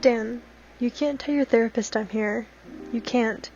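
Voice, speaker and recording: A woman's voice: on the high side, a little slow, darkish tone, soft background music. A woman reading the lines of a secretive, protective young man, urgent and insistent, in a story reading. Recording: slightly dull lo-fi recording.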